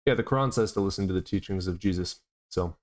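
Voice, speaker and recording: A man's voice: low voice, quick pace. A man hosting a live stream who chats casually, coos baby talk at his dog, then questions a caller bluntly from a desk mic at home. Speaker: streamer hosting call-in debates.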